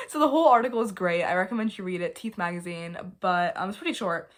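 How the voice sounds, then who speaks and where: A young woman hosting a casual vlog, chatty and playful, often mocking herself and jumping between loud and soft. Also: medium pitch, moderate pace. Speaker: video host.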